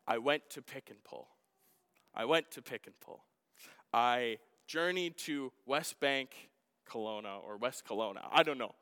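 High-voiced preacher man in a reverberant hall. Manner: animated, self-deprecating, swings from quiet to loud. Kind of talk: sermon storytelling.

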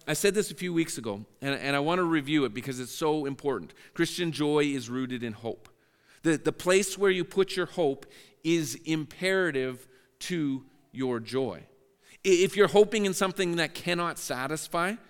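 A man's voice: a little high, clean tone, in a large hall. A man preaching a sermon as pastor, earnest and prone to repeating words as he restarts phrases.

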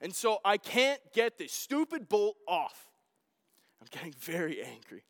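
A man preaching a sermon as a story, animated and self-deprecating, swinging from quiet asides to loud outbursts. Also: high-pitched, a little slow. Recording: long hall reverb.

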